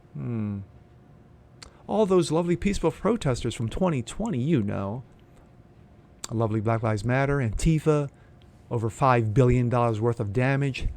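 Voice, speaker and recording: Gravelly, blunt male commentary host. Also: mid-range voice, darkish tone. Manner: blunt, profane, sneering. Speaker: host of a political commentary channel. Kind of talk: reading news then ranting opinion commentary.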